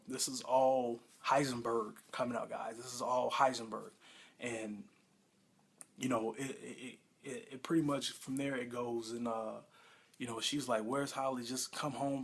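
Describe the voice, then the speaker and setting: A man casually reviewing a TV episode at home, excitable and rambling, with lots of fillers and self-corrections. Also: mid-range voice, creaky, slightly rough. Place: home room with a pet nearby.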